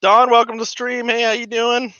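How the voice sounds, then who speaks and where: A man hosting a casual home livestream, chatting and rambling with lots of fillers, excited and a bit giddy. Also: very high-pitched, normal speed, dry recording, dull audio. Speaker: livestream host. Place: home model railroad room.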